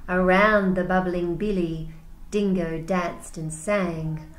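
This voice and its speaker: Teacher, woman, storytime reader, unhurried and expressive, roomy echo with faint hum. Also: lowish voice. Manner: gentle, expressive, asks questions. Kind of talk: reading a picture book aloud to children.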